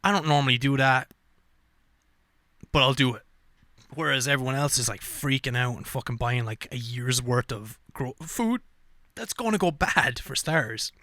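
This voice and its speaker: A man's voice: mid-range voice, normal speed, no room sound. A man hosting a podcast, talking in a loose, profane, rambling rant with lots of fillers. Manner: profane, animated rants with frequent fillers. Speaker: podcast host. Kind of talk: casual ranting monologue.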